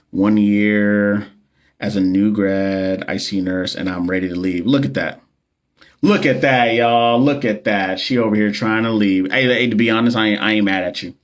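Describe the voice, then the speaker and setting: Laid-back low-voiced man on a livestream. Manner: loose, slangy and joking, with many fillers and repeats. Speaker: nurse and NCLEX coach hosting a livestream. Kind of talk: casual livestream chat with viewers. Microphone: phone livestream.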